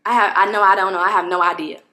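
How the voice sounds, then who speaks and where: A woman's voice: mid-range voice, fairly quick, fairly bright tone, echoey room, natural voice. A woman voicing a curt, annoyed female office clerk in a retold story. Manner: curt, dismissive.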